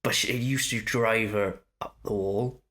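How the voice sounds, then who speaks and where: A man with a Swansea Welsh accent chatting casually on a podcast, animated and acting out the voices of people he quotes. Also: lowish voice, measured pace. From Wales. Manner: animated storyteller who acts out quoted voices.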